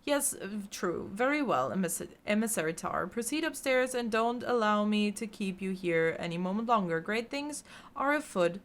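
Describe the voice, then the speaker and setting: A fussy, formal fantasy-game accountant greets visitors in a mid-pitched voice, as a woman reads his lines. He talks in a wordy, bureaucratic way. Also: lively intonation, moderate pace, hardly any pauses, slight background noise, lightly acted. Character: fussy male accountant clerk, formal and chatty.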